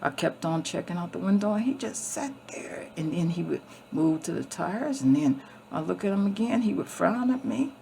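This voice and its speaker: Gravelly, foul-mouthed woman vlogger. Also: on the low side, moderate pace, dark tone, a little hiss or hum. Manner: profane, emphatic, blunt; repeats and restarts often. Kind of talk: casual storytelling.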